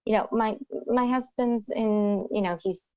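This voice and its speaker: This muffled recording captures a thirty-something woman from the Rio Grande Valley in Texas, speaking in a mid-range voice with a clear, resonant tone. She takes her time in a casual chat, bringing her story to life by performing the quotes.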